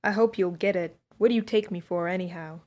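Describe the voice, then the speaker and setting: A woman's voice: lowish voice, brisk, darkish tone, lightly acted. A woman reading as a surly, growling stage driver. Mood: hostile. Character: surly, foul-mouthed male stage driver.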